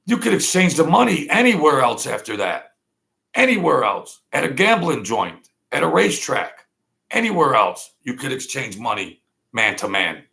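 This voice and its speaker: Gravelly man, blunt and rambling. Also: mid-range voice, big pitch swings, moderate pace, pushed and bright. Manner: blunt, rambling street talk. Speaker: vlog host. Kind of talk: casual monologue.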